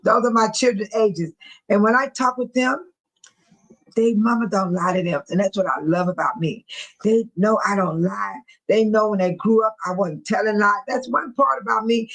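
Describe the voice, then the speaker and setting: A woman's voice: medium pitch, moderate pace, poor audio. A woman in her sixties hosting a livestream in casual chat, talking bluntly and telling stories with frequent laughs. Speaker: livestream host speaking to viewers.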